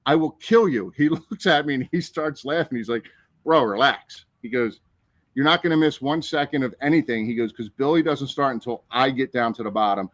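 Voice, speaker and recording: A man with a mid-range voice tells a story in loose, casual talk. He is animated and swears freely, jumping into the voices of everyone in the tale. The sound is dry and close to the mic. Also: medium pitch, a little fast, no room sound. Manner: animated, profane, acts out the people in his story. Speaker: podcast co-host.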